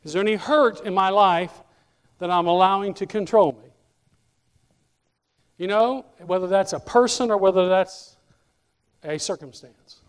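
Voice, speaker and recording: A male pastor preaching a sermon in a church, animated and speaking directly to members of the congregation by name. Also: high-pitched, measured pace, pauses often, clean tone, long reverb tail.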